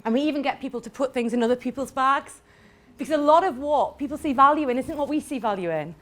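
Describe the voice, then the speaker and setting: A woman giving a lively sales talk to a live audience, acting out little scenes in quoted voices. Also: high-pitched, fast. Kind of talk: lively conference presentation.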